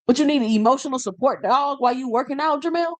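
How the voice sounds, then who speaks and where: A woman's voice: high voice, quick pace, no room sound. A woman hosting a live reaction show, talking bluntly and firing off rhetorical questions in casual commentary.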